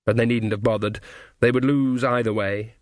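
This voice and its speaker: Dry, measured male audiobook narrator. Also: mid-range voice, fairly even intonation, dry recording. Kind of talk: scripted narration.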